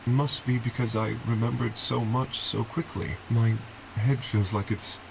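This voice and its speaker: A man's voice: medium pitch, steady tone, unhurried, vocal fry, noisy background, pitched below the performer's own voice. A man voicing a weary young man with a headache, apologetic and tired, reading game dialogue.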